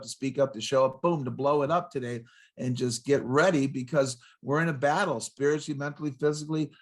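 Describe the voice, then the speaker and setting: A man in his sixties, a guest motivational speaker on a podcast, talking in an excitable, punchy way with rhyming catchphrases and jumping from story to story. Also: medium pitch. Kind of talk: energetic podcast interview.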